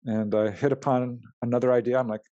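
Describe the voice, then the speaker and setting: A man's voice: mid-range voice, a little fast, no room sound, dull audio. Guy telling his out-of-body stories in a podcast chat, acts out the voices, dry close mic. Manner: animated, acts out quoted dialogue with laughs. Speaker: guest, UFO researcher and writer. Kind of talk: storytelling in an interview.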